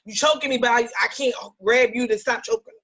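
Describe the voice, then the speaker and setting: A woman on a podcast with a fairly high, bright voice, recorded on dull, lo-fi audio. She tells stories with energy and slips into the voices of the people she quotes. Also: fast. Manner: vivid storyteller who acts out quotes. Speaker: podcast co-host. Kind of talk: casual podcast talk, retelling a video. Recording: dull, lo-fi sound.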